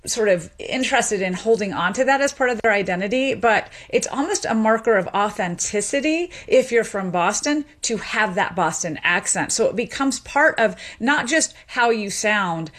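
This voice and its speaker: A woman speaking as an interview guest, explaining ideas in an articulate, easygoing way and laughing easily. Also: medium pitch. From United States. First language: French spoken at home by parents. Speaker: guest, accent expert and author. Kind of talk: radio interview.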